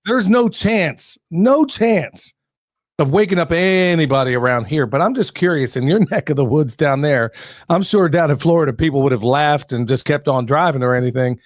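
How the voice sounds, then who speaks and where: A man's voice: medium pitch, a little fast, no echo, studio quality. A man hosting a podcast interview, chatting casually and rambling with repeats and laughs. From Western North Carolina. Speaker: podcast host.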